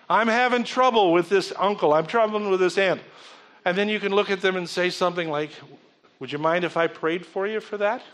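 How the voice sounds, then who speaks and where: A man preaching a sermon in a fairly high voice, telling everyday stories in a relaxed, conversational way. He calls out to the congregation for responses as he goes. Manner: conversational storytelling preaching with audience call-outs.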